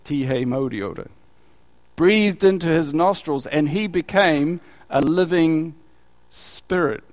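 A man's voice: a little high, slow. A man giving conversational Bible teaching as a preacher, often asking his listeners questions. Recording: reverberant hall.

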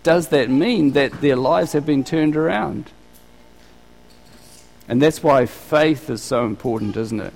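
A man's voice: medium pitch, slow, creaky, long pauses, a little mellow. Man preaching in a reverberant hall. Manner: conversational preaching with rhetorical questions. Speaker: pastor. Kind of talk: sermon.

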